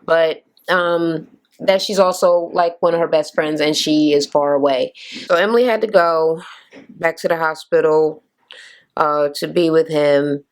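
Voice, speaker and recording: A woman's voice: low voice, fairly even intonation, unhurried. Give me a woman chatting casually through a show recap, blunt and profane, full of fillers. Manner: chatty and blunt, swears freely, many fillers. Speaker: reality TV recap YouTuber.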